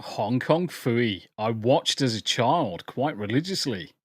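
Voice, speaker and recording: A man's voice: mid-range voice, animated, slow pace, breathy edge, dry recording, clean studio sound. A British man chatting casually as a guest from a small spare bedroom, rambling and laughing often. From England. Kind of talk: casual chat. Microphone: home computer setup.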